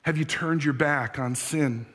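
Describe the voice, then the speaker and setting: A pastor preaching a sermon, earnest, asking the congregation searching questions. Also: male voice, a little high, measured pace, a bit bright. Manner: tells a story with acted voices.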